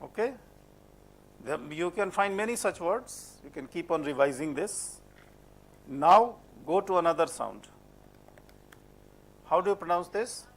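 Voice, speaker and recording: A man's voice: high voice, expressive, measured pace, long pauses. A man with an Indian English accent lecturing a class on French pronunciation, asking questions and repeating words as a drill. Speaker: French phonetics teacher.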